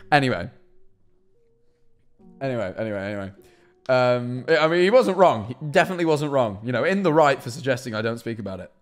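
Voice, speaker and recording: A young man chatting on a live stream from his kitchen, telling a rambling, animated story and answering chat. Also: medium pitch, brisk, long pauses. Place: kitchen at home.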